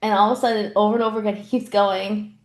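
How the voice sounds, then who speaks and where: Talking very fast in a medium-pitched voice, a young podcast co-host giggles her way through casual chat. She's an animated storyteller, and her stories come with plenty of laughter.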